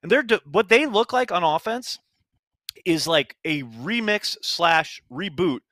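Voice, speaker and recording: A man's voice: high-pitched, lively intonation, measured pace, sharp tone, no echo. A man co-hosting a casual sports podcast, talking emphatically with frequent exclamations. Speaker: podcast co-host.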